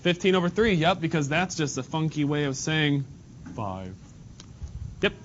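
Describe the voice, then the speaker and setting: A male math teacher with a voice on the high side, animated and at normal speed, runs a classroom lesson casually, joking and calling on students by name. The recording is dull and lo-fi, with faint noise.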